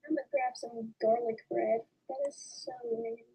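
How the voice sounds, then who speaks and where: Young woman co-host, high and bouncy, gravelly edge, mic far off with faint hiss. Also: very animated, moderate pace, warm tone. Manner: teasing, playful. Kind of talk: casual chat. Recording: distant voice with faint noise.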